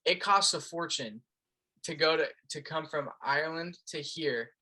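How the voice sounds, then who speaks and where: Young man, from Las Vegas, podcast host, casual interview chat, easygoing, agreeable, bright forward tone. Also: on the high side, unhurried. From Las Vegas, United States. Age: young adult. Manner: easygoing, agreeable, short affirmations.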